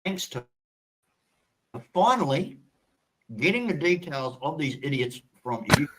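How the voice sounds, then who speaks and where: A man rants in a slow, deliberate way, his pitch lurching up and down as he hurls insults and threats. His delivery is profane and menacing throughout. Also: sing-song, very noisy. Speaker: ranting video poster. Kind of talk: angry monologue.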